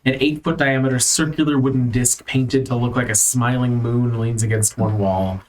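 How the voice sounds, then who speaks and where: A man narrating a tabletop game as its game master, relaxed and loose, with plenty of ums and uhs. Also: medium pitch, moderate pace.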